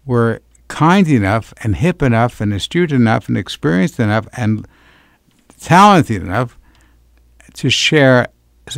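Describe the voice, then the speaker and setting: A man's voice: medium pitch, no echo, clean studio sound. Chatty late-night radio host man. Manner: chatty and effusive, repeats contact details. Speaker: radio talk show host.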